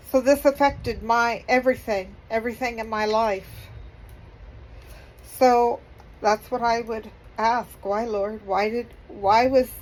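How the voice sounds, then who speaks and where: A middle-aged woman vlogging, halting and apologetic, crying as she speaks. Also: a little high, a little mellow, low-quality recording. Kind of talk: emotional personal vlog.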